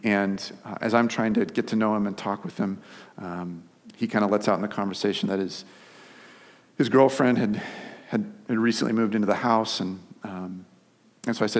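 A man's voice: fairly low pitch, steady tone, moderate pace, long reverb tail. A man preaching a sermon as pastor, telling stories conversationally with restarts and filler words.

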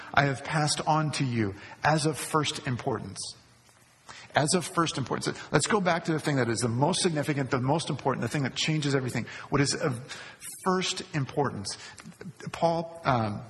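A man's voice: medium pitch, fairly bright tone. A male pastor preaching a sermon, repeating key phrases for emphasis. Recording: long hall reverb.

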